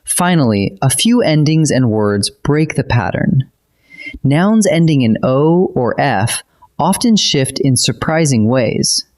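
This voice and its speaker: A man's voice: mid-range voice, big pitch swings, slow, a little mellow. A man narrating a scripted grammar lesson as a teacher, patiently spelling out letters and rules step by step.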